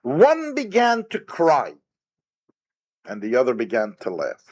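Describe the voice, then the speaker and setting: A man's voice: mid-range voice, huge pitch swings, a little slow, darkish tone. A man, a rabbi, giving a recorded Torah lecture, emphatic and full of rhetorical questions. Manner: retells Talmud story with quoted sage dialogue.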